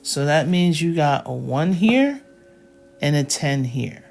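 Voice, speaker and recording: A woman's voice: low-pitched, lively intonation, takes it slowly, creaky, a little mellow. A woman teaching a live math lesson, explaining each step patiently and checking in with her students.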